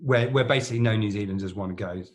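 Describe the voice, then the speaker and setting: Low-voiced man telling rambling anecdotes. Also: racing. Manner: rambling, anecdotal, frequent restarts and fillers. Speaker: plastic surgeon, podcast co-host. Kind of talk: casual storytelling chat.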